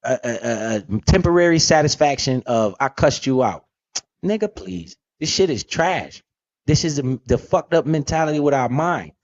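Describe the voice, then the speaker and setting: A man's voice: a little high, lively intonation, moderate pace, dull audio. A man hosting a casual, profane talk about investing, blunt and emphatic with lots of slang. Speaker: podcast host.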